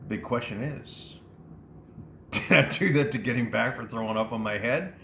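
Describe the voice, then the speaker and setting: A middle-aged man from Texas telling comic stories from his childhood, animated and laughing as he acts out moments. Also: mid-range voice, vocal fry, noisy background. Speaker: storyteller. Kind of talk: comic personal storytelling. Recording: roomy sound with faint music.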